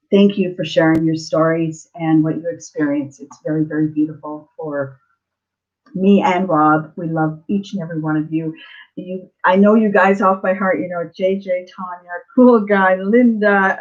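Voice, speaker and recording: A woman's voice: on the low side, lo-fi sound. Emotional woman hosting a live stream. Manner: warm, emotional, halting with many fillers. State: tearful, close to crying. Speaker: spiritual channel host. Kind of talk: casual live-stream chat.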